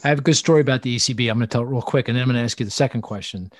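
A man's voice: mid-range voice, rapid-fire, no echo. Man chatting as an interview host. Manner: animated storytelling, frequent restarts and laughs. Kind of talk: casual interview chat.

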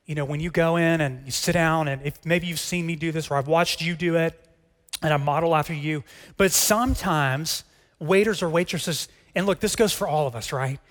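A middle-aged man preaching a sermon as pastor. He talks in a conversational, earnest way, dropping to soft asides and rising to emphatic questions. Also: fairly high pitch, normal speed, in a large hall. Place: church hall.

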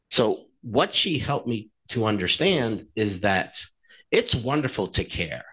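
A man co-hosting a podcast, telling stories in a casual, animated way and acting out the dialogue in them. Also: lowish voice, unhurried, slightly rough. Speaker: podcast co-host.

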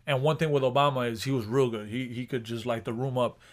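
A man's voice: medium pitch, steady tone, fast. A man co-hosting a podcast in casual chat, rambling with restarts and swearing. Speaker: podcast co-host.

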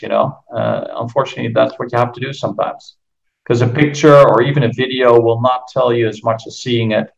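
A man's voice: mid-range voice, fairly even intonation, a little fast, vocal fry. A Dutch man in his fifties with an American-tinged accent, rambling through a podcast interview with many restarts and fillers. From Netherlands. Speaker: golf course architect. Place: home. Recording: muffled lo-fi audio.

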